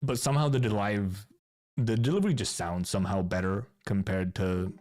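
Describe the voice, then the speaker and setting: A man's voice: lowish voice, moderate pace, darkish tone. A Finnish streamer chatting casually as he reviews game content, rambling and restarting his words. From Finland. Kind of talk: casual live-stream commentary.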